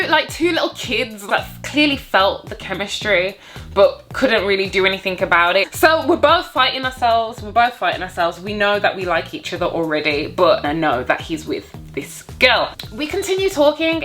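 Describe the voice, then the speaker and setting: A young woman with a bright, forceful voice tells her viewers a personal dating story in a chatty vlog. She slips into animated exclamations as she acts out what she felt. A little music plays faintly behind her. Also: medium pitch. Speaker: vlogger. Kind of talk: casual storytime chat.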